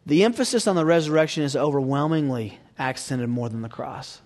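A man preaching a sermon, swinging from hushed near-whispers to loud emphatic peaks and asking the audience rhetorical questions. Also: fairly high pitch, a little fast.

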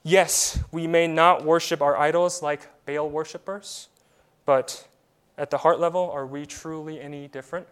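A man preaching a sermon as a pastor. He leans on rhetorical questions and drops to a quiet voice for effect, sometimes repeating words as he starts a thought. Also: fairly high pitch, steady tone, normal speed, clean tone.

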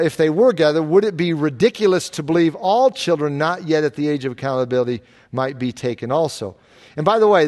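Earnest pastor answering Bible questions. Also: male voice, a little high, a little mellow. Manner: earnest, explanatory, rhetorical questions. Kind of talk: sermon-style Q&A.

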